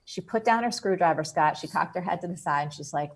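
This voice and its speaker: A middle-aged woman from New Jersey, a guest author telling an animated story in an interview. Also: on the low side, quick pace. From New Jersey, USA. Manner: lively, expressive storyteller.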